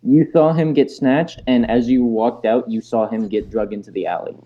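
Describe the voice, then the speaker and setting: A man's voice: mid-range voice, fairly even intonation, moderate pace. A man narrating a tabletop game as game master, often stopping and restarting his phrases. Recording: dull lo-fi sound.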